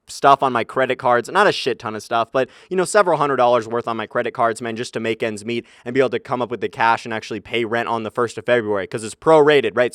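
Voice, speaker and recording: A 19-year-old man casually talking over gameplay as a commentary YouTuber, energetic and swearing often, saying "man" a lot. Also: medium pitch, no echo, studio quality. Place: small bedroom in his apartment, under a comforter. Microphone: desk mic, comforter draped over it to cut echo.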